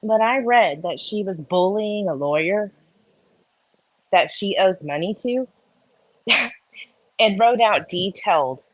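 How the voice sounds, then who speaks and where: A woman's voice: medium pitch, lively intonation, slow, long pauses, low-quality recording. A woman who works as an accountant, explaining things in a casual, meandering way as a guest.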